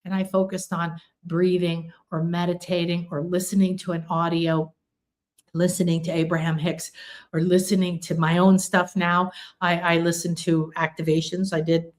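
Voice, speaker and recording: A woman's voice: level tone, normal speed. Woman, middle-aged, spiritual healing teacher, earnest, repeating lists, motivational talk. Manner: earnest, acts out quoted pleas in a higher voice; builds long repeated lists.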